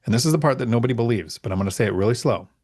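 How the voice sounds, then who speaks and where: A man's voice: mid-range voice, lively intonation, very fast, a little mellow. A middle-aged man hosting a casual live question-and-answer chat, reading out viewer questions and answering frankly with emphatic repetition. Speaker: host.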